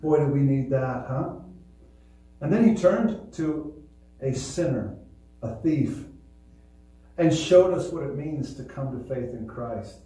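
Male pastor, sermon, mellow tone, heard from afar in a roomy hall. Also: medium pitch, lively intonation, slow, long pauses, soft background music. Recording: echoey hall, voice from far off.

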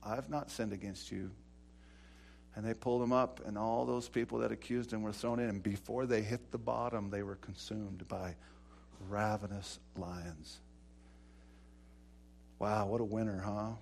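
A man preaching an informal sermon, retelling Bible stories in an animated way with many fillers and restarts. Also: fairly low pitch, normal speed, gravelly, slight background noise.

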